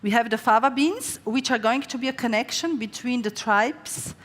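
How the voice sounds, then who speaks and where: On a large event stage before an audience, a chatty Slovenian chef with a slightly high voice gives a live cooking demonstration and talk. She tells stories fast, full of lively quoted voices, and a long hall reverb fills the recording.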